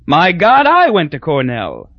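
A man voicing a loud, drunk, blustering middle-aged man in an audiobook reading. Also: a little high, big pitch swings, moderate pace, slightly rough, no room sound, muffled recording, pitched above the performer's own voice. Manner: blustering, emphatic.

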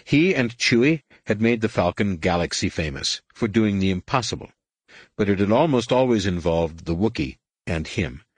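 A man narrating an audiobook in a steady, measured storytelling manner. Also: lowish voice, breathy edge, dry recording. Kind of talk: scripted narration.

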